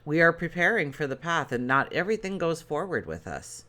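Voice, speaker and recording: A man's voice: a little high, big pitch swings, a little fast, pushed and bright. A man giving a daily tarot reading to his viewers, talking in an earnest, rambling way with many fillers and restarts. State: choked up. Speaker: tarot reader.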